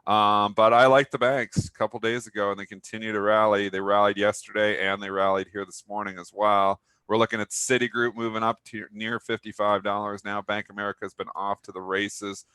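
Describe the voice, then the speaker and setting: Bright punchy guy riffing on stocks with his cohost, dry close mic. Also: lowish voice, brisk, few pauses, smooth, no echo. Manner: animated, joking banter. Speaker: co-host of a pre-market stock show. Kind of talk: casual market chat.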